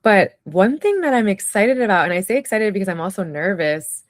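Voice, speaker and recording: A woman's voice: medium pitch, lively intonation, a little fast, no echo, clean studio sound. A woman telling personal stories in a casual conversation, reflective and chatty, with many fillers. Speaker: podcast guest, writer.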